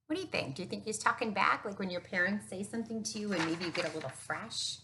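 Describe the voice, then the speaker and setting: A woman reading a children's storybook aloud and stopping to ask the listener questions in an animated way. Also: mid-range voice, fast, background noise. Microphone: camera mic.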